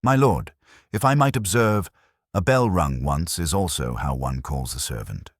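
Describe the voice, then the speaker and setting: A man with a deep, husky voice playing a quiet, formal manservant who speaks politely and softly, pitched noticeably higher than his narration. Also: lively intonation, measured pace, no room sound, studio quality. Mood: deferential. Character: quiet deferential male manservant.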